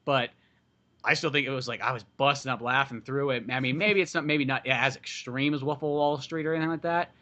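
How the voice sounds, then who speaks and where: A man's voice: medium pitch, steady tone, a little fast, bright, forceful tone, lo-fi sound. A man hosting a podcast, making his case in an emphatic, profane, casual way. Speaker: podcast host. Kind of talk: casual chat.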